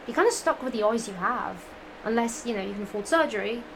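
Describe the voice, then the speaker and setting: A woman's voice: on the high side, animated, quick pace, noisy background. A woman reading fan fiction aloud, breaking off into giggly, profane, rambling asides.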